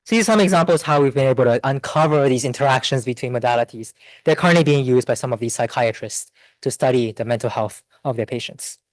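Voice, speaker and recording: A man giving an academic seminar talk, explaining research results in a steady, methodical way with occasional fillers. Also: medium pitch, quick pace, dry recording, rough recording. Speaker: invited seminar speaker. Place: lecture room.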